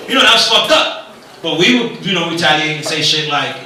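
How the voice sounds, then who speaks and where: A man's voice: on the high side, expressive, fairly quick, pushed and bright, slight background noise. A man in his forties from New York, doing loose, profane stand-up with asides to the crowd in a comedy club. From New York City, Dominican family. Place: comedy club stage, indoors. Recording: echoey club, mic from a distance.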